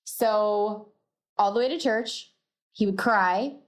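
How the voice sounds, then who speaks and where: A woman's voice: medium pitch, slow pace. A woman hosting a podcast, telling a personal faith story in a reflective way and laughing at herself now and then. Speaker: podcast host.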